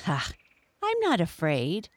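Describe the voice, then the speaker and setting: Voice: medium pitch, huge pitch swings, slow pace, no echo. A storyteller voicing a brave, cheeky young boy hippo who laughs and talks back. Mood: defiant. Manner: laughing, defiant.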